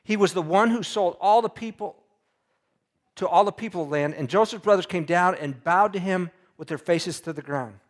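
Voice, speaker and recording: A man's voice: sits high, moderate pace. A man preaching a Bible lesson in a casual, conversational way, retelling scripture in everyday words and asking his listeners questions.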